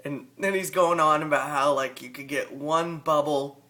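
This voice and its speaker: A man's voice: a little high, fairly even intonation, moderate pace, bright, forceful tone. Chatty man with a rural Southern drawl. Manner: rambling, chatty, folksy. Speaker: aquarium hobbyist vlogger. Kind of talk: casual vlog talk.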